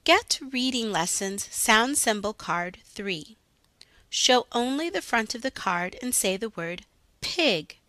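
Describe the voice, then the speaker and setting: Lively-voiced woman narrating a tutorial. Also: a little high, takes it slowly. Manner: clear, instructional, carefully articulates phonemes. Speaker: reading teacher demonstrating a website. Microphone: voice-over.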